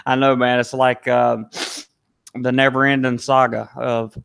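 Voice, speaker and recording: A man's voice: medium pitch, little pitch movement, measured pace, gravelly, fairly bright tone, smooth. A man with a Southern US accent, hosting a casual live stream and answering viewer comments aloud. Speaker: live-stream vlogger reading chat.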